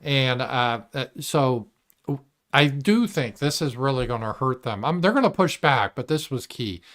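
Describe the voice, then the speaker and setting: A man's voice: mid-range voice, expressive, unhurried, a bit bright. Blunt profane male livestream host. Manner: blunt and profane, mimics opponents in mocking voices; reads viewer super chats aloud. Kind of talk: casual political commentary monologue.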